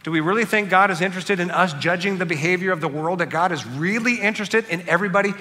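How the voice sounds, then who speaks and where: A man preaching a sermon in a conversational, animated way, acting out quotes in other voices. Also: high voice, quick pace, long reverb tail. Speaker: pastor.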